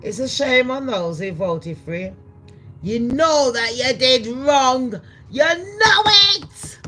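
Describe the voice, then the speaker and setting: A woman's voice: sits high, expressive, slow, bright, forceful tone, soft background music, pitched above the performer's own voice, full character voice. A woman doing a mocking impression of a brash billionaire man with a South African twang, sounding indignant and boastful.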